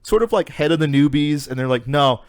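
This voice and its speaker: A man's voice: fairly high pitch, animated, fast, darkish tone, clear, resonant tone. A young man co-hosting a podcast, retelling a story in casual chat with lots of swearing and fillers. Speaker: podcast co-host.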